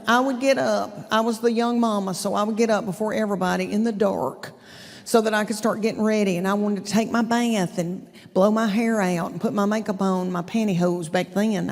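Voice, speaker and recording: A woman's voice: medium pitch, gravelly, in a large hall. A woman in her fifties with a Southern American accent, performing stand-up comedy and talking straight to the audience in a chatty drawl. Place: theater stage before a live audience.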